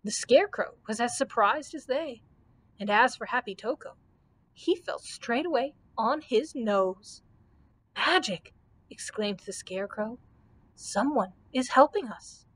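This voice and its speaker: A woman with a fairly high voice reads a children's storybook aloud as a librarian. Her reading is expressive, and she lifts her voice when characters speak. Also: a little slow, low-quality recording.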